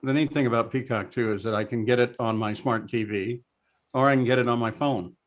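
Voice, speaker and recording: A man's voice: medium pitch, a little fast. Older man telling broadcasting stories. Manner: storytelling, animated anecdotes. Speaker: guest, veteran race broadcaster. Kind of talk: casual interview over video call. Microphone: video call.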